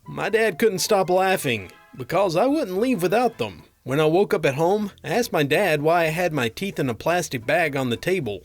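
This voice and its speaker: A man's voice: on the high side, expressive, moderate pace, hardly any pauses, soft background music. A man narrating a string of funny doctor and patient stories, with a dry comic delivery. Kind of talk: reading funny anecdotes aloud.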